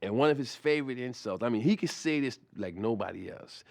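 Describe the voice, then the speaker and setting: A man's voice: medium pitch, animated, a little fast, gravelly, hardly any pauses. A man telling a comic anecdote in a rambling, profane way, full of restarts and asides. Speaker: comic storyteller.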